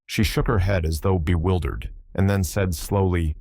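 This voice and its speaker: Low-voiced guy reading a novel aloud, earnest, dry close sound. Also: fairly even intonation, moderate pace, a little mellow, dry recording. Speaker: audiobook narrator. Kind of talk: scripted narration.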